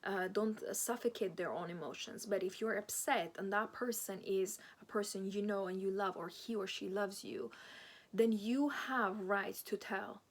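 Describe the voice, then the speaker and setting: A woman with phrasing giving earnest, animated relationship advice in a solo monologue. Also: medium pitch, normal speed.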